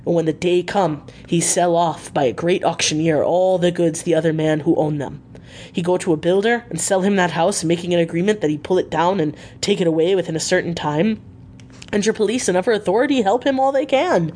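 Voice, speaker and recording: A woman's voice: lowish voice, a little fast, darkish tone, a little hiss or hum, natural voice. A woman reading a storybook aloud, voicing an elderly foreign male professor who speaks earnestly in broken, formal English. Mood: wry explaining.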